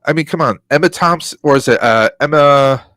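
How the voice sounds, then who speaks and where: A man's voice: fairly high pitch, fairly quick, fairly bright tone, no echo. A man co-hosting a casual podcast chat, delivering rambling, opinionated rants. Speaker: podcast co-host.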